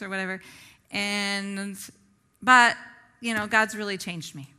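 A long reverb tail follows this woman's mid-range voice, which is smooth, bright and forceful, and a little slow. She gives a conversational sermon, putting rhetorical questions to the audience and regularly checking in with "right?".

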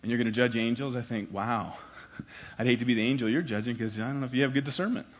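A man's voice: medium pitch, fast. A man, a pastor, preaching a sermon in a conversational way and repeating key lines for emphasis.

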